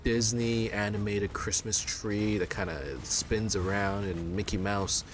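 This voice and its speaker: Deep-voiced man rambling casually. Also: little pitch movement, measured pace, noisy background. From China. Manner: rambling storyteller, many fillers and restarts. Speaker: let's play gamer. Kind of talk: casual chat.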